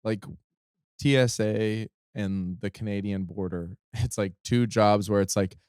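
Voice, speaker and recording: Smooth-voiced man guesting on a podcast. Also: lowish voice, unhurried, no echo, studio quality. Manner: relaxed anecdote teller, easy laughter. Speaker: podcast guest, touring musician. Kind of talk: casual chat.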